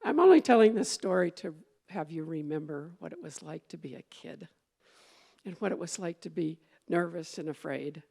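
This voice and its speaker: A woman's voice: on the low side, animated, moderate pace, creaky, mellow. A woman minister giving a conversational sermon, meandering, with fillers and restarts as she goes.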